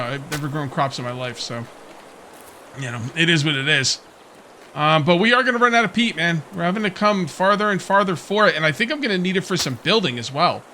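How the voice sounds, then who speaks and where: A man whose voice sits high, with slight background noise, offers casual commentary as a let's player in a survival game. He rambles, muses and second-guesses himself with soft laughs, hiccuping along the way.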